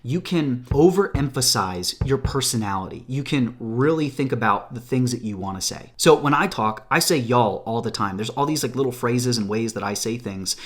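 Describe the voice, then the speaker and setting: A man's voice: medium pitch, animated, moderate pace, hardly any pauses. A man coaching viewers on video tips, talking with energy and gesturing with his hands. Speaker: social media coach. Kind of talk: direct-to-camera tips video. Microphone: phone or camera, recorded at home.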